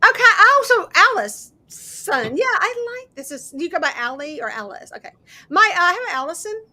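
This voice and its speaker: Bright high-voiced woman chatting on livestream. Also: sing-song, moderate pace. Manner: chatty, thinks aloud, greets viewers. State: sleep-deprived. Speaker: host of a miniatures crafting livestream. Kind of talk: casual livestream chat.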